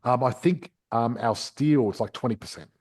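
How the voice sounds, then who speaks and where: A man's voice: mid-range voice, normal speed, a little mellow, breathy edge. A man hosting a property podcast, explaining investing step by step in a chatty, casual way. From Australia.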